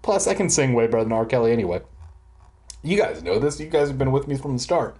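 A man reads a children's book aloud and keeps breaking off into profane, self-mocking asides. His voice swings up and down in a lively, animated way as he rambles. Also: mid-range voice, fast. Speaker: reader and commentator. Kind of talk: casual read-aloud with rambling commentary.

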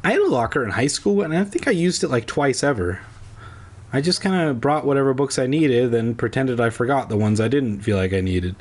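Husky man with a sarcastic, lively delivery. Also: medium pitch, brisk. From Southern California. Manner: sarcastic, rambling. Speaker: host reading a children's horror book aloud. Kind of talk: comic reading with crude asides.

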